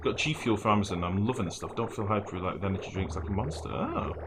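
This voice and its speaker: A man's voice: on the low side, expressive, quick pace, noisy background. A man streaming a game live, rambling and swearing as he builds, often humming and mumbling to himself. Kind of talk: live gameplay commentary.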